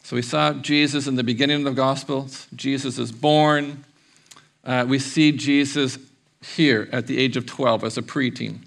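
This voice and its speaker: Man, pastor, sermon, bright tone, gravelly edge, conversational, animated. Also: medium pitch, moderate pace. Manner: chatty, animated preaching with playful acted-out quotes.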